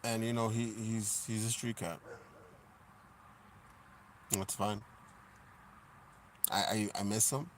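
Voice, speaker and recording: A man chatting casually on a live stream, laid-back and profane, reading viewer comments aloud and laughing loudly. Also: fairly low pitch, level tone, slow, long pauses, slight background noise.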